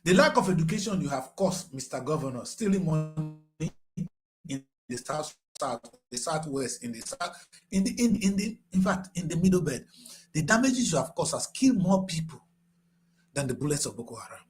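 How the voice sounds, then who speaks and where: A man in his sixties with a Nigerian English accent, giving impassioned political commentary that swings from grave and low to shouting. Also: very animated, moderate pace. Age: 60s.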